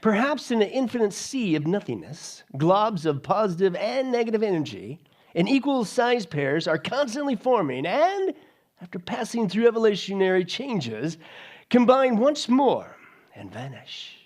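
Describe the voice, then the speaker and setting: A man voicing a pompous pipe-smoking male scholar in a mock British accent, lecturing slowly and loftily. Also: high-pitched, very animated, a little mellow, voice pushed up. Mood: mock-lofty.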